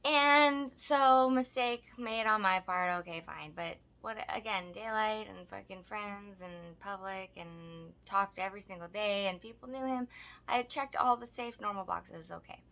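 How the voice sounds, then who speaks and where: A woman with a bright, forceful voice tells a personal story in loose, casual chat. She is blunt and profane and laughs easily as she goes. Her pitch sits in an ordinary middle range for a woman. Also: a little slow, vocal fry. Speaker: podcast co-host.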